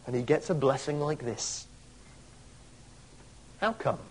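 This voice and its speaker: A man's voice: medium pitch, animated, takes it slowly, darkish tone, slight background noise. A man preaching a sermon, emphatic, asking rhetorical questions and stretching key words for weight.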